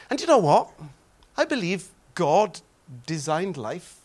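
A middle-aged man with a Welsh accent, a pastor preaching a sermon with humorous stories that swing from loud exclaiming to soft prayer. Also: high voice, sing-song, slow pace.

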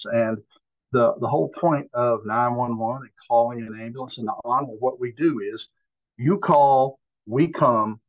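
A man's voice: medium pitch, normal speed. Blunt man on a tinny phone-like line. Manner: blunt, opinionated, frequent fillers. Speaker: podcast co-host. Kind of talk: casual chat.

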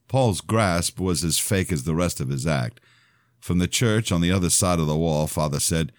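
A man narrating his own novel aloud in an expressive first-person telling. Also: very deep voice, normal speed, no room sound, clean studio sound. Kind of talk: audiobook-style fiction reading.

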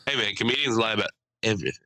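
Young male podcast co-host, crude joking storyteller, very bright tense tone, dry close sound. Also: lowish voice, very fast, dry recording, low-quality recording. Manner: storytelling with crude jokes and voiced impressions. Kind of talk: casual chat.

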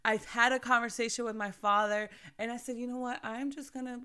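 Thirties woman, podcast host, casual and animated faith talk, bright and forceful. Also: a little high, fairly quick, clean tone. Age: 30s. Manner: animated, chatty, addresses listeners as sis.

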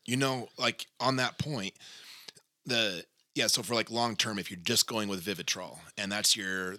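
Male counselor, very bright, low-pitched voice, easygoing and slangy. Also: no room sound, studio quality. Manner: laid-back, slangy, jokey. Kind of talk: casual podcast discussion.

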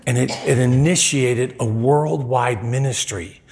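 Animated male preacher telling stories. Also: unhurried. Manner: animated storyteller, voice jumps high when quoting people. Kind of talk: sermon with storytelling. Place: church.

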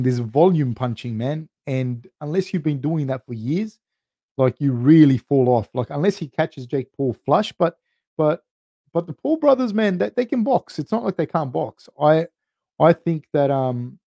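An Australian man in his thirties runs a live podcast Q&A, talking loosely and swearing freely, calling people "dude" and "man". His voice is mellow and warm at a middling pitch. The recording is close and dry. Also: no echo. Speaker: podcast host answering live chat questions. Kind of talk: casual live-stream Q&A.

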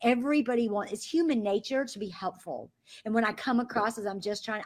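A woman's voice: mid-range voice, brisk. A woman from the American South, leading a sales training on a call and acting out the messages she quotes. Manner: animated, acts out quoted messages in voices. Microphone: phone or call line.

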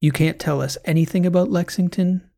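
A man's voice: high-pitched, steady tone, fairly quick, creaky, warm tone, voice pushed up. A man doing a patient, coaxing doctor. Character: calm male hospital doctor, patient. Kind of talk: audiobook character voice.

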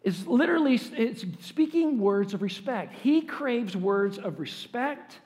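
A man's voice: extremely high pitch, animated, unhurried, darkish tone. A man preaching a sermon as pastor, earnest and emphatic, with rising bursts of force. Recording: long hall reverb.

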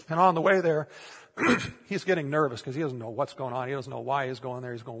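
A man preaching to his congregation, his voice rough and a little husky. He tells his story plainly, then drops into a hushed, prayerful tone. The sound rings on in a large hall with long reverb. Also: medium pitch, quick pace. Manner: storytelling, growing soft and hushed toward a prayerful close. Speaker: pastor. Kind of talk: sermon.

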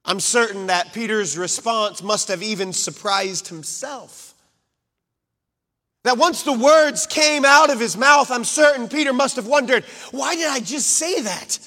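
High bright-voiced male preacher, reverberant hall. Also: unhurried. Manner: dramatic swings from loud to hushed, acting out quotes. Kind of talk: sermon.

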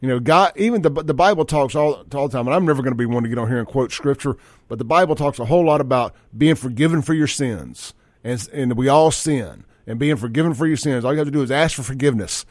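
A man hosts a talk radio show in a blunt, folksy, fired-up way. His voice sits in a middle pitch. The studio sound is dry and close. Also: fast talker, a little mellow, no echo.

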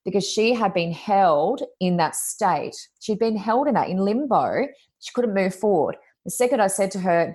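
Chatty lady medium, lowish voice, you know-ing a lot, acts out the quotes. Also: lively intonation, a little fast, a little mellow, breathy edge. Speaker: psychic medium, guest. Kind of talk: casual interview storytelling.

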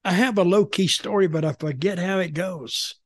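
A man's voice: high-pitched, normal speed, no room sound. Blunt rambling older man, dry close mic. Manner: rambling, blunt, repeats himself. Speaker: podcast guest, former wrestling executive. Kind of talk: casual storytelling chat.

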